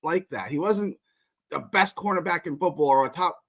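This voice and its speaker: A man's voice: on the high side, moderate pace, fairly bright tone. A man calling in to a live show, apologetic and rambling in a casual chat. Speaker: caller. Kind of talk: call-in chat.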